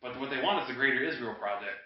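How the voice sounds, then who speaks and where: A man's voice: medium pitch, very fast. A man co-hosting a podcast, ranting casually and profanely over drinks, heated and jokey. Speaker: podcast co-host. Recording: roomy, distant, dull lo-fi home recording.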